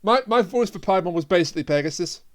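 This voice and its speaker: Podcast host, casual chat, jokey, stumbles over words, middling pitch. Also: lively intonation, quick pace. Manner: jokey, laughs a lot, trips over words.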